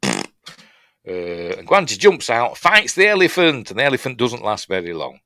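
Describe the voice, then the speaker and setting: A man's voice: medium pitch, wildly swooping pitch, unhurried, pushed and bright, dry recording. A middle-aged man with a Yorkshire accent, chatting casually through a film breakdown, rambling with dry humour and acting out lines. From Yorkshire, England. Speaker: film reviewer.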